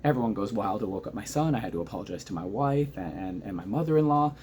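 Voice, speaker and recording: Hushed, wired low-voiced man. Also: fast, a little hiss or hum. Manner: talking quietly but wired and excitable, rambling recap. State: keyed up and emotional. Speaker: hockey fan reacting to a game. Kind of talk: excited post-game reaction monologue. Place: at home at night.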